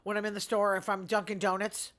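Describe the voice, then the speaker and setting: A middle-aged woman hosting her own show, chatting in a rambling, sarcastic way and talking fast. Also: medium pitch, little pitch movement, a bit bright. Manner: fast talker. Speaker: podcast host. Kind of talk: casual solo commentary.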